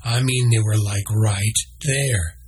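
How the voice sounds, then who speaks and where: A man's voice: on the low side, fairly even intonation, takes it slowly, slight background noise. A man voicing a curious young boy who asks eager questions in a storybook.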